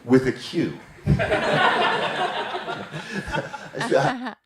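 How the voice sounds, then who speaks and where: Male stand-up, slow and lowish, wildly swooping pitch, giggles at himself; noisy recording. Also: huge pitch swings, a bit bright, echoey room. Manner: self-deprecating, giggling at his own jokes. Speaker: guest comedian. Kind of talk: stand-up routine.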